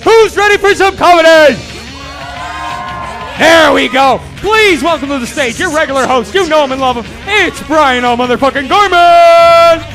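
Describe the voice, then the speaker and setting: A man announcing a comedy show and hyping the crowd, loud and crude. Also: very high voice, moderate pace, music in the background.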